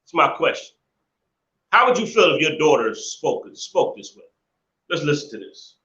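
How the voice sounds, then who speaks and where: A man's voice: fairly high pitch, very animated, moderate pace, sharp tone. A man hosting a live stream, ranting indignantly and repeating himself in casual commentary. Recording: echoey room, dull lo-fi sound.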